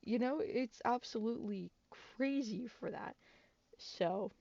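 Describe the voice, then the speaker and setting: A woman's voice: fairly high pitch, slow pace, gravelly, warm tone, no echo. A woman with a cold hosts a casual gaming news video, her voice stuffy and congested. She rambles, restarts her sentences and giggles often. The recording is dry and a bit dull, like a cheap home mic. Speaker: gaming channel host.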